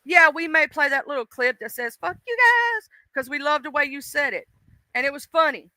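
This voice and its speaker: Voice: sits high, fairly even intonation, fairly quick, bright, forceful tone, no room sound. A livestream host ranting bluntly and profanely, speaking straight to the audience. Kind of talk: casual livestream rant.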